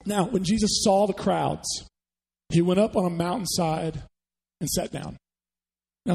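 A man's voice: sits high, dark tone, slightly rough, big-room sound, poor audio. A man preaching a sermon to a church congregation, talking conversationally and putting questions to the listeners. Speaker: pastor. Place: church sanctuary.

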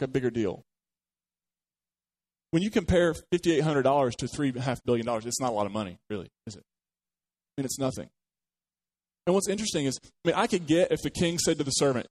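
Male pastor, sermon delivery, conversational with rhetorical questions, slightly higher voice. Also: a little mellow. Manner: conversational, asks the congregation questions, jokes.

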